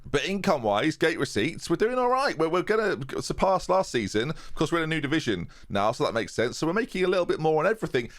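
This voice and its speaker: A man's voice: a little high, a bit bright. A young man commentating on his own football-management game, chatting casually and joking to his viewers in rambling asides. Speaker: gaming YouTuber. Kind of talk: casual let's-play commentary. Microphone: USB desk microphone.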